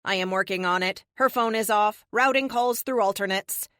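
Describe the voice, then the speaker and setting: Woman doing a brisk ai helper, matter-of-fact, dry close audio. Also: mid-range voice, a bit bright, clean tone, dry recording, close to an everyday voice. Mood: urgent. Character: calm AI assistant in armor.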